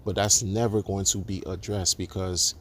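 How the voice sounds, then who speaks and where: A man's voice: low-pitched, flat delivery, normal speed, fairly bright tone, a little hiss or hum. A man ranting indignantly to camera, repeating himself and restarting words as he builds his case. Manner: indignant, repetitive, stammering restarts. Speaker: crypto commentator. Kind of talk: ranting monologue.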